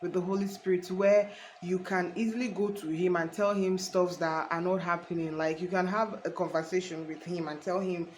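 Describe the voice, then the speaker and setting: A woman's voice: fairly low pitch, fairly even intonation, moderate pace, darkish tone, a little hiss or hum, rough recording. A woman giving an earnest, casual faith talk to her viewers, rambling with restarts and calling them honey. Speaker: faith vlogger.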